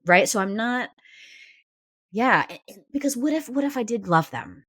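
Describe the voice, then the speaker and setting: A woman podcast host talking through her inner parts in a halting, searching way, close to tears. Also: fairly high pitch, animated, fairly bright tone, slightly rough, no echo. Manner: halting, searching, many restarts. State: near tears. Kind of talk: reflective therapy conversation.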